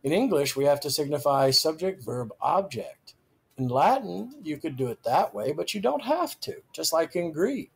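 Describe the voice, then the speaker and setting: In a recorded grammar lecture, a teacher speaks slowly and deliberately in a slightly husky, sing-song voice, stressing each new word. His pitch moves a lot, rising on key terms and falling at the ends of phrases.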